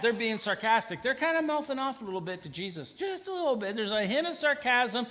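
Male pastor, sermon, high bright voice, playful and animated, church hall reverb. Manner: animated, acts out sarcastic voices, with quick asides. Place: church sanctuary.

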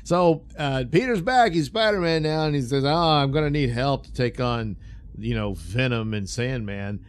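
A man's voice: medium pitch, normal speed, clean tone. A man giving a casual, rambling film review, full of fillers, chuckles and sarcastic asides. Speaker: movie reviewer.

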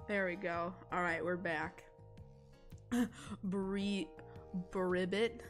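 Chatty young woman drawing on stream, lowish voice, slow easy pace, giggles a lot, soft music behind. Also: steady tone. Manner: giggly, chatty, reads chat aloud. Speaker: illustrator streaming live drawing. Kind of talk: casual streaming chat.

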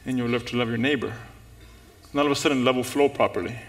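Telling a story from the pulpit, a man preaches with animation and calls out to the congregation. He speaks quickly in a mid-range voice.

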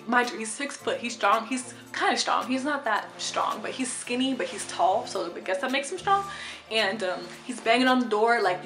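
A young woman in a casual storytime vlog, chatty and animated, swearing freely. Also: medium pitch, roomy sound. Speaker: vlogger.

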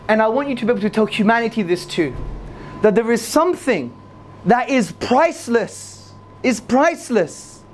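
A man giving an energetic religious lecture to a live audience, repeating key phrases for emphasis. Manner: swings between loud high emphasis and low asides. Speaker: Islamic lecturer.

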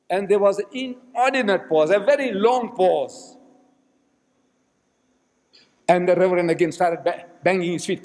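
High-voiced man lecturing in an echoing hall. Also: moderate pace, hardly any pauses, darkish tone. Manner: dramatic storyteller acting out the speakers he quotes. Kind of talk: storytelling religious lecture. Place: mosque hall. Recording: echoey hall archive recording.

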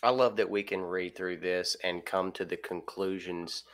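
Easygoing low-voiced man co-hosting. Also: steady tone, normal speed, a bit bright. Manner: easygoing, enthusiastic, laughs often. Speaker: co-host of a Bible study show. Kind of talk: casual Bible study discussion.

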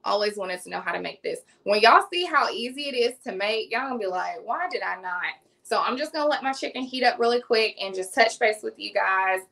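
A woman's voice: fairly high pitch, lively intonation, a little fast, creaky, few pauses, pushed and bright, low-quality recording. A woman in her thirties with a Southern US accent, chatting casually with viewers while cooking on a livestream. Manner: chatty, addresses viewers as y'all. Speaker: cooking vlogger hosting a livestream. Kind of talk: casual live cooking chat.

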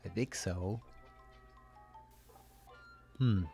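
A man casually talking through a horror game as a streamer, relaxed and chatty. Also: sits low, extremely slow, creaky, soft background music. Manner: relaxed, chatty, with light laughs. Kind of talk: casual gaming commentary.

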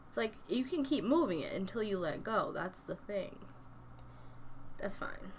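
A woman's voice: medium pitch, very animated, unhurried, slight background noise. A young woman giving casual gameplay commentary from home, chatty and thinking aloud, often dropping to a murmur. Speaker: gaming YouTuber.

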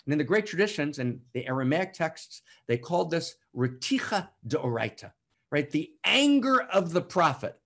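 A man preaches with fervent emphasis, repeating phrases and rising to loud declarations before dropping to quiet, slow passages. His voice is slightly high and husky, with a lively, swooping pitch. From United States. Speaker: spiritual teacher. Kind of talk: impassioned spiritual teaching. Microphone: online broadcast to a live chat.

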